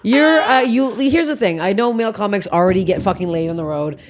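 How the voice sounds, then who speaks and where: A woman's voice: mid-range voice, brisk. A woman hosting a comedy podcast, chatting brashly with a guest, swearing often and jumping between tangents. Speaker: podcast host. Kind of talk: casual comedic chat.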